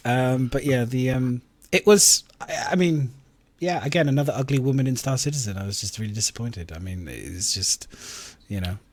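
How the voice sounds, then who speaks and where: A man's voice: mid-range voice, moderate pace, few pauses, no echo. A man co-hosting a gaming podcast, telling rambling stories in casual chat while laughing at himself. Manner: rambling, laughing, self-mocking storyteller. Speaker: podcast co-host.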